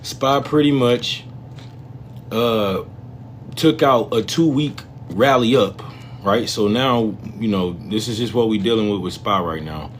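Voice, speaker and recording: A man's voice: on the low side, measured pace, a little hiss or hum. A man hosting a livestream, talking to viewers casually in loose slang and often repeating phrases. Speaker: livestream host, trading commentator.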